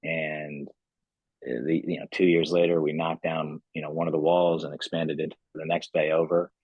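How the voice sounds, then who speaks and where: Male founder, podcast guest: very low, husky voice, dry sound, loose rambling storyteller. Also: level tone, moderate pace, no room sound, dull audio. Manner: rambling, many "you know" fillers. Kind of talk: casual storytelling interview.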